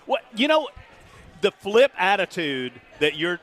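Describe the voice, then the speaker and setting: A man hosting live talk radio, emphatic and argumentative but quick to laugh, broadcasting from a remote venue. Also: high voice, big pitch swings, a bit bright.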